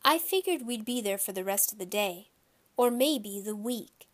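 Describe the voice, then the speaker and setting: A woman reading a children's novel aloud in a steady storytelling voice. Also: medium pitch, moderate pace. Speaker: audiobook reader.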